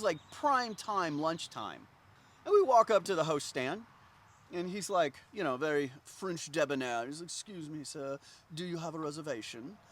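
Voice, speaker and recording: Animated, exasperated man telling a story. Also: fairly high pitch. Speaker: comedic storyteller. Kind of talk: comedic anecdote.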